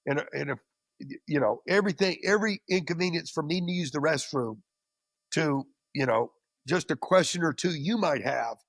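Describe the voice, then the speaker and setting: A man's voice: fairly high pitch, dry recording, studio quality. A man as an interview guest, recounting a story in a casual, anecdotal way and often repeating words as he goes. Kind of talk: storytelling in conversation.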